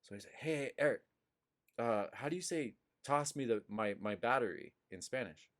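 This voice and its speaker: A man's voice: mid-range voice, moderate pace. A man hosting a podcast, chatting casually and telling stories with laughter and swearing. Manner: animated storyteller, swearing, laughing. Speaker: podcast host. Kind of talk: casual chat.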